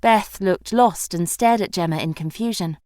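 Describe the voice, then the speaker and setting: A woman narrating an audiobook in an even, measured scripted read. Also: mid-range voice, no echo, clean studio sound.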